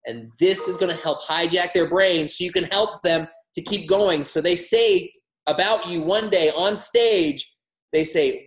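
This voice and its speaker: A man giving a motivational training talk on wellness products, energetic and emphatic with a humorous streak. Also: high-pitched, measured pace. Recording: roomy echo.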